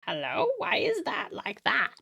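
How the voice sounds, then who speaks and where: A woman's voice: medium pitch, wildly swooping pitch, slow pace, gravelly, sharp tone, breathy edge. A woman from Tasmania chatting on a live stream while drawing, giggly and bubbly as she greets viewers. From Tasmania, Australia.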